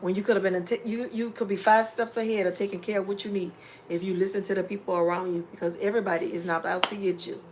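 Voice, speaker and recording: A middle-aged woman vlogger chatting casually on a live stream, reading viewer comments and giving preachy, animated life advice. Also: mid-range voice, fast talker, slight background noise. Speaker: home DIY vlogger.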